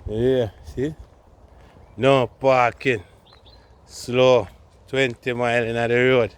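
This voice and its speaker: Slow-talking man on a woodland walk. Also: medium pitch, flat delivery, clear, resonant tone. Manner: laid-back, talks to viewers while walking. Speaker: vlogger. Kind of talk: casual walking vlog.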